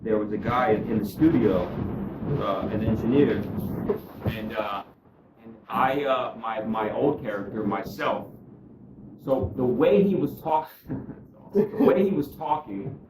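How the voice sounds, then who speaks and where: A man's voice: medium pitch, noisy background. Earnest man telling his recovery story, distant and roomy. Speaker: guest speaker sharing his recovery story. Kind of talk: candid spoken testimony.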